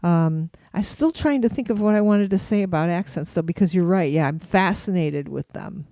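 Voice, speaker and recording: A woman's voice: fairly low pitch, moderate pace, dark tone, no room sound. A middle-aged woman from the Chicago area with a Chicago accent, co-hosting a casual chat show and rambling with many restarts. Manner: chatty, rambling, lots of restarts and fillers. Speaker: podcast co-host.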